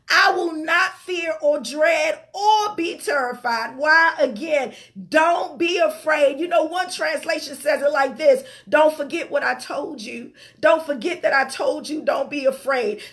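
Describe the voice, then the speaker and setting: A woman preaching a sermon with passion, her voice sometimes breaking with emotion as she repeats phrases for emphasis and slows down to stress scripture. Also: very high-pitched, a bit bright.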